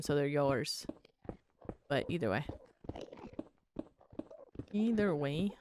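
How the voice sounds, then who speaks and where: A woman's voice: low voice, slight background noise. A young woman streamer chatting casually with her viewers while gaming, reading their messages aloud and swearing freely.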